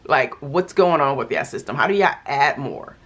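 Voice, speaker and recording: A woman's voice: very deep voice, animated, normal speed. A young woman vlogger chatting casually, exasperated and full of fillers as she talks through her bills. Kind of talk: casual chat.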